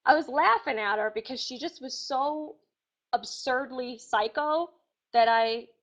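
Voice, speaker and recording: A woman answering interview questions casually, chatty and animated, with acted-out quotes. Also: high-pitched, measured pace. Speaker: reality TV contestant being interviewed. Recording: dull lo-fi sound.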